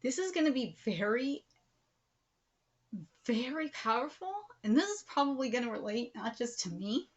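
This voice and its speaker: A woman in her thirties hosting a live manga reaction video, gushing and emotional, often dropping into breathy whispered exclamations. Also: a little high, animated, normal speed, highs cut off. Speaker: YouTube manga reaction host.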